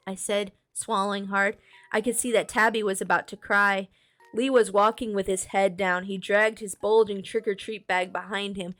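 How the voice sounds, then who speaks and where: A woman's voice: mid-range voice, little pitch movement, normal speed, fairly bright tone, soft background music. A woman streamer reading a storybook aloud, chatting with viewers and fixing small slips as she goes. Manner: chatty asides to chat, reads with small self-corrections.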